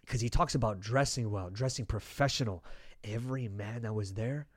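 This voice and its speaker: A man's voice: on the low side, normal speed, dry recording, clean studio sound. A young man hosting a podcast, chatting casually, swearing freely and telling stories with animation. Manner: casual, profane, animated storytelling. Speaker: podcast host. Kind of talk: casual chat.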